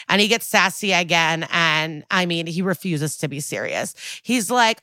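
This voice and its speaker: A woman co-host tells the story of a TV episode in a sarcastic, blunt, casual way. Her voice is bright and a little low, and it sits close and dry on the mic. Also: normal speed, hardly any pauses, dry recording. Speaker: podcast co-host recapping a TV episode. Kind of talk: casual recap chat.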